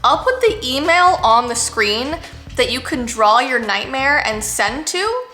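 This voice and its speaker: Woman, 30s, YouTuber answering fan questions; candid and chatty, slightly high, bright, roomy sound. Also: very animated, measured pace, faint music behind. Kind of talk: casual Q&A vlog.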